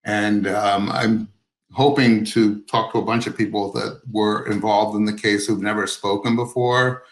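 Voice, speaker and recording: A man's voice: fairly low pitch, fairly even intonation, a little slow, echoey room, low-quality recording. A man, an author being interviewed, who talks hesitantly with many fillers and restarts. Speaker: author guest. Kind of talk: interview over video call.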